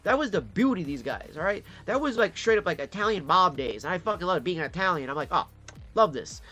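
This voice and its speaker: High-pitched, bright and pushed, his voice swings widely in pitch as he talks fast over soft background music. The man is a vlogger from Detroit, Michigan, delivering a profane, casual storytelling monologue and acting out the people he quotes.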